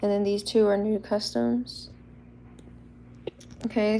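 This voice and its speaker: A young woman talks in a casual livestream ramble, bubbly but a little shy and quick to laugh. Her middle-pitched voice has a gravelly, fry-laced edge. Faint room noise hums behind her. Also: level tone, mellow. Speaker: livestream host showing custom toy figures.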